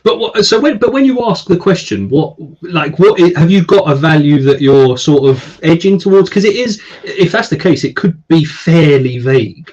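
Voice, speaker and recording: A man's voice: fairly high pitch, lively intonation, moderate pace, few pauses. Chatty man hosting a live stream. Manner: chatty, reads out viewer names with shout-outs. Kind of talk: casual live stream chat. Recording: slightly dull stream audio.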